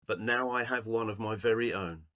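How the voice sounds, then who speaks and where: A man's voice: on the low side, moderate pace, pushed and bright. A man in casual chat, reading a letter aloud to friends and building playfully to a punchline.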